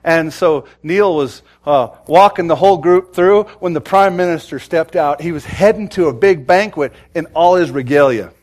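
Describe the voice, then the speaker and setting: A pastor in his forties preaching a sermon, telling stories and acting out the quotes with big swings from loud to soft. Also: fairly high pitch, moderate pace, hardly any pauses. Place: church sanctuary.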